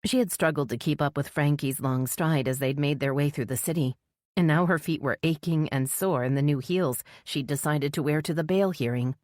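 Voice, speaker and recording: A woman narrates a thriller audiobook at normal speed in a low, grounded, slightly mellow voice, raising her pitch to voice other characters. The recording is dry and close, with no room sound.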